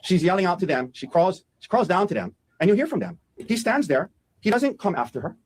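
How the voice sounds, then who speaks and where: A man talking quickly in a husky, slightly raised voice. He lays out an opening statement to a jury in an animated way and acts out what people said as he goes. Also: high-pitched, low-quality recording. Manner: fast, animated, acts out quotes. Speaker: defense attorney.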